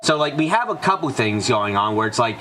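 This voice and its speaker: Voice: mid-range voice, big pitch swings, a little fast, sharp tone, slight background noise. Swearing, rambling let's play streamer. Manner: gushing, rambling, heavy swearing. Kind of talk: casual commentary over a visual novel. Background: game music.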